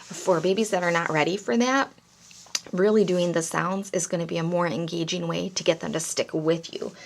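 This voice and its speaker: A woman giving parents gentle, encouraging tips on reading aloud to toddlers, in an instructional talk. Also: on the low side, a little hiss or hum. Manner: gentle, encouraging, breaks into playful sound demonstrations. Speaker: early childhood reading coach.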